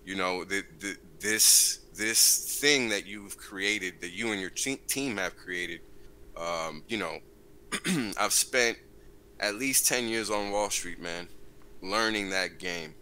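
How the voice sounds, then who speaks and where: A man joining a livestream as a guest, speaking earnestly and filling pauses with "um" and "right?". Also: deep voice, pushed and bright, poor audio. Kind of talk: casual livestream chat.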